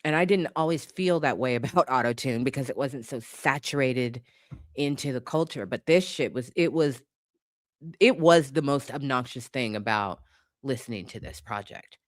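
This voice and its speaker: A woman's voice: a bass voice, moderate pace, dry recording, studio quality. A woman commentator in a casual opinion rant, blunt and profane, hammering her points by repeating them. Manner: emphatic, repeats points for force.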